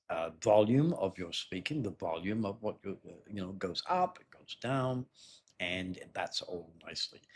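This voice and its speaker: A man teaching an exam-prep lesson in a loose, conversational way, often clearing his throat and repeating words. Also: sits low, slight background noise. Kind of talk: explanatory spoken lesson.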